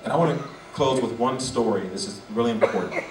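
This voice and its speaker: A man in his forties delivering a motivational speech as a guest speaker, animated and acting out the dialogue in his story. His voice is mid-range. The sound rings through an echoey hall, caught by a distant mic with faint background noise. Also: medium pitch, fast talker.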